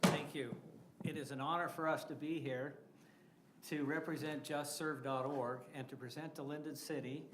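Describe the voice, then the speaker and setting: A man's voice: a little high, fairly even intonation, moderate pace, a bit bright, reverberant, a little hiss or hum. A man presenting a certificate to a city council on behalf of a volunteer program, polite and ceremonial. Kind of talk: formal presentation remarks.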